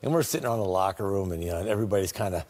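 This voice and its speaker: A man telling animated, laughing stories about a former teammate, full of fillers. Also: low-pitched, racing. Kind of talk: casual storytelling.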